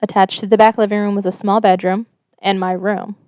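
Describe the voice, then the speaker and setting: A woman co-hosting a casual podcast, reading a listener's story in a steady, smooth voice, close and dry on the mic. She talks loosely and swears freely. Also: mid-range voice, fairly quick, dry recording. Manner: casual, swears freely, reads stories in a steady flat telling.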